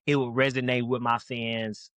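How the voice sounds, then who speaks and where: A man's voice: mid-range voice, flat delivery, normal speed, fairly bright tone, clean tone, no echo. A young man from Louisville, Kentucky, a guest rapper in a casual podcast interview, talking in a rambling, slangy, laid-back way.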